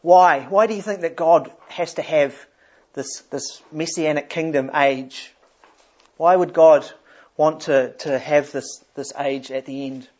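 A man's voice: fairly high pitch, measured pace, darkish tone. Man preaching a conversational sermon. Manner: conversational, repeats words while thinking. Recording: dull lo-fi sound.

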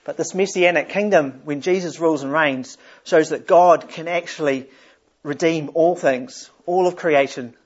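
A man's voice: fairly high pitch, moderate pace, slightly rough. Man preaching a conversational sermon. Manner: conversational, repeats words while thinking. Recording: dull lo-fi sound.

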